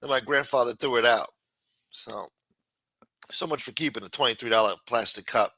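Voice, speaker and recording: A man's voice: mid-range voice, normal speed, sharp tone. A man hosting a live-stream show, chatting casually and reading out viewer comments in a profane, rambling way.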